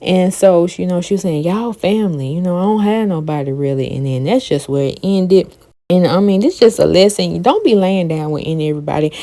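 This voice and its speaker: A woman host runs through reality show gossip in a chatty, animated telling. Her voice is gravelly with a dark, mellow colour. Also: on the low side, moderate pace. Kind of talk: casual gossip recap.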